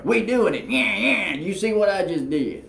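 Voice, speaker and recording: A man's voice: high voice, lively intonation, moderate pace, creaky, echoey room, background noise, voice pushed up. A man impersonating a sweet older woman who has turned into a jeering, gloating football fan. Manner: taunting, sing-song jeering.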